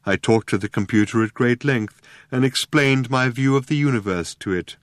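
A man voicing a gloomy, depressed male robot who talks in a slow, dejected drone. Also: medium pitch, dry recording, clean studio sound, close to an everyday voice.

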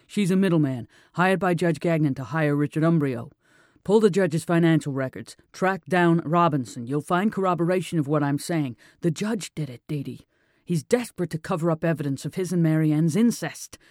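A man's voice: a little high, moderate pace, no echo, clean studio sound, close to an everyday voice. A man voicing a hunted male police sniper, talking in an urgent, clipped way.

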